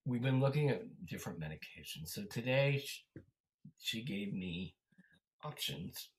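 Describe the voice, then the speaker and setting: A man hosting a casual conversation, speaking haltingly with many fillers. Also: lowish voice, expressive, poor audio. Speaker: host. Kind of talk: casual chat.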